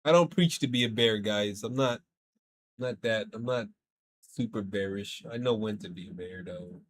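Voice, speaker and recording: A man's voice: fairly low pitch, moderate pace. A man streaming a game and chatting casually, venting in a rambling, profane way. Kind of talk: casual livestream chat while gaming.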